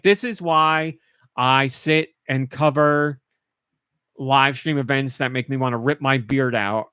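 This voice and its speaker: A man's voice: medium pitch, fairly bright tone, smooth, dry recording, clean studio sound. Tearful, gushing man on a podcast. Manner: emotional, gushing, laughs while choking up. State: choked up, tearful. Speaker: podcast host. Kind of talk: casual chat.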